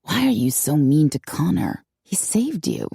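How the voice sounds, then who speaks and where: A woman voicing a blunt, sardonic woman who speaks in a low, matter-of-fact mutter. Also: huge pitch swings, measured pace, vocal fry, dark tone, husky, no room sound, studio quality, exaggerated voice. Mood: wry.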